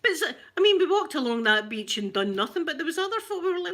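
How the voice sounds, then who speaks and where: A Scottish woman with a rough voice, chatting casually and laughing as she tells stories to viewers on a live stream. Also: high-pitched, sing-song, quick pace, few pauses, pushed and bright. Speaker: livestream host chatting with viewers.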